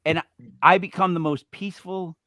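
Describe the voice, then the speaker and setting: A man co-hosting a podcast, telling a rambling story with animated, voiced quotes. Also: high voice, fairly quick, no echo, studio quality. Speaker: podcast co-host. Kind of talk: storytelling banter.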